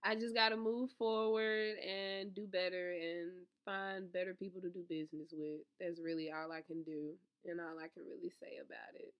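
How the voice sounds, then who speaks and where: A young adult woman on a profane, animated storytime rant to her viewers. She swings from loud outbursts to low, calmer talk. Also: moderate pace, hardly any pauses, clean tone, dull audio. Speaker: vlogger, author promoting an ebook.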